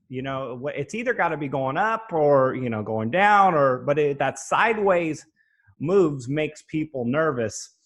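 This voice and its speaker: Hesitant, somewhat high-voiced male host. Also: fairly bright tone. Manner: hesitant, thinking aloud while asking questions. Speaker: interview host. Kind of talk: conversational interview.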